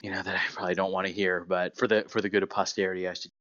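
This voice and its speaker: A man's voice: deep voice, little pitch movement, racing, a bit bright, dull audio. A man on a podcast, telling stories in a casual chat and laughing often. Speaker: podcast guest.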